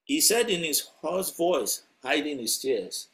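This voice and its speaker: A man preaches by telling a story, in a conversational way with chuckles along the way. His voice sits fairly high for a man. He speaks directly to the people listening. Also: sing-song, slow, few pauses, fairly bright tone. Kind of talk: sermon storytelling.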